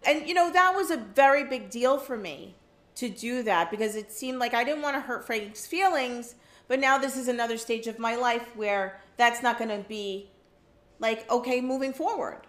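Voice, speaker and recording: A woman with a slightly high voice explains herself in an earnest, careful way. She picks her words slowly and speaks plainly. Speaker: reality show cast member. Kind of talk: measured after-show explanation.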